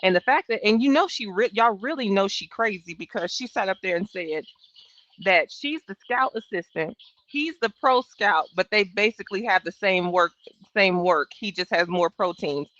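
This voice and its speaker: A woman's voice: mid-range voice, expressive, moderate pace, a bit bright, dry recording. Blunt, sassy woman streaming trial commentary. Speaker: livestream trial-watch host. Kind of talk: casual live commentary. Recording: dull, dry home stream audio.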